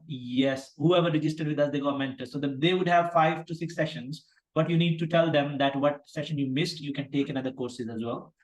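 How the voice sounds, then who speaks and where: Hesitant male tutor in an echoey room. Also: a little high. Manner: hesitant, many fillers and restarts. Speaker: medical exam tutor. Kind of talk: online class, then role-playing a patient.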